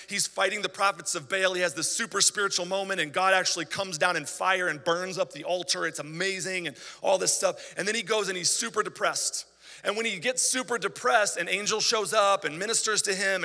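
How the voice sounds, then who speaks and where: Male pastor, chatty animated sermon style, brassy edge, reverberant church hall. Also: high voice, vocal fry. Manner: animated, conversational preaching with asides.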